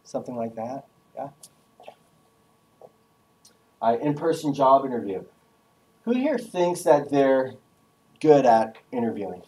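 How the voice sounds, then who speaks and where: A man giving a lively, casual talk to a class on job skills, joking and acting out phone voices. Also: mid-range voice, unhurried, long pauses, distant mic, rough recording. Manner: energetic, casual, jokey, acts out phone voices. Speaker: guest speaker giving a career talk.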